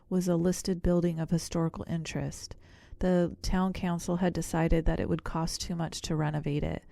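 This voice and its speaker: A woman narrating an audiobook in a measured storytelling manner. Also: lowish voice, gravelly, dark tone, dry recording, clean studio sound. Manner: measured storytelling with voiced characters. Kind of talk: scripted narration.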